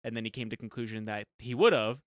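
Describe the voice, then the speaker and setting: A man's voice: medium pitch, fast talker, dry recording, clean studio sound. A man co-hosting a podcast, casually recounting a film's backstory step by step with fillers. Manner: steady, step-by-step storytelling with fillers. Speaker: podcast co-host. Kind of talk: casual chat.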